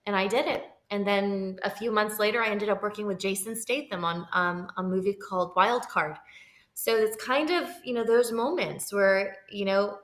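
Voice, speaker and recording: Woman, 30s, from Florida, actor guest, animated storyteller, roomy echo. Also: mid-range voice, normal speed. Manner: lively, expressive, acts out quoted people.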